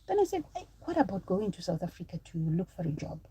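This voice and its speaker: A woman's voice: on the low side, big pitch swings, fast talker, warm tone, husky, poor audio. A woman from Zimbabwe in her thirties, chatting on a live stream, telling a personal story to viewers and breaking off to thank supporters.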